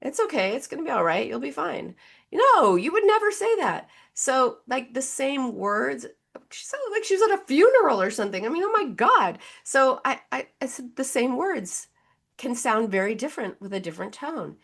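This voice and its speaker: Animated woman therapist guest. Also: sits high, moderate pace. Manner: animated, acts out quoted voices. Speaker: psychotherapist guest. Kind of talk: conversational advice.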